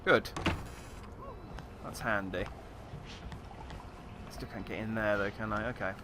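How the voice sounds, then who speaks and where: A man's voice: lowish voice, steady tone, slow, background noise. A man giving a chatty, wry running let's play commentary, hesitating as he thinks aloud. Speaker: gaming YouTuber.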